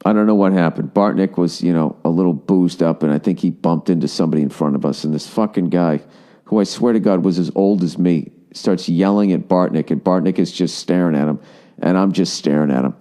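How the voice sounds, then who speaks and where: A man's voice: low-pitched, a little fast, mellow. A man hosting his own podcast, ranting comedically with lots of profanity. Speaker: podcast host. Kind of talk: comedic solo rant.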